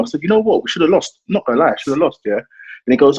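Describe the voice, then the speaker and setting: A man's voice: a little high, very animated, brisk, a little mellow, breathy edge, muffled recording. A young man, a football fan panelist telling a story in slangy banter, often laughing. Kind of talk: casual banter.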